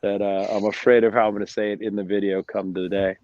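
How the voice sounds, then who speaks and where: A man, a brewery owner guesting on a podcast, chatting in a lively way, swearing freely and restarting his sentences. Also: lowish voice, fast talker, dull audio, a little hiss or hum. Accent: New Jersey. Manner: animated, swears freely, jumps between restarts. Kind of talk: casual chat.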